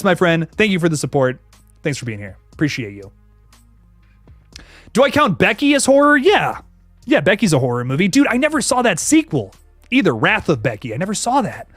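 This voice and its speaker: Animated young man hosting a horror stream. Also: a little high, no echo. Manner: animated, slangy, hypes and thanks viewers by name. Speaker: horror channel host reading live chat. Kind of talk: casual livestream chat.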